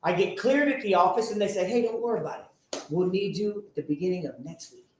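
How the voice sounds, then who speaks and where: Animated man in echoey hall. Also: high-pitched, quick pace. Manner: animated storytelling, rising to shouts. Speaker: speaker sharing a recovery story. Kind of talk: testimony to a live audience. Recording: very echoey room, faint noise.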